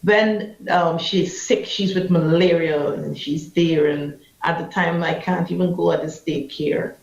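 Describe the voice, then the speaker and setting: A woman's voice: fairly low pitch, fairly even intonation, unhurried, gravelly, a little mellow. Impassioned Guyanese woman telling a story. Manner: impassioned, vivid storyteller acting out quotes. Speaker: anti-trafficking activist. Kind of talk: emotional personal storytelling interview. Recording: roomy, slightly muffled.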